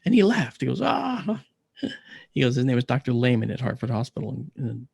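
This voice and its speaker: A man telling a personal story as an interview guest, animated and acting out the voices of the people he quotes. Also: mid-range voice, fast, vocal fry, husky, no room sound, studio quality. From United States.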